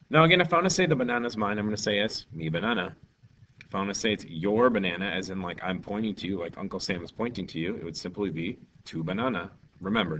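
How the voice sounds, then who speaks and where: A man's voice: on the low side, fairly bright tone, slight background noise. A male Spanish teacher giving a lesson in an upbeat, jokey way, acting out little scenes. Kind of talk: recorded classroom lesson. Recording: distant, dull lo-fi mic with faint ambience.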